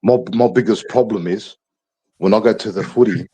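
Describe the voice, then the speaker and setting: A man's voice: on the low side, normal speed, mellow, breathy edge. A man from Adelaide with an Australian accent, chatting casually on a podcast, blunt and repetitive with heavy swearing. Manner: blunt, swears a lot, repeats himself. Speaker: podcast guest, football supporter. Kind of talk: casual chat.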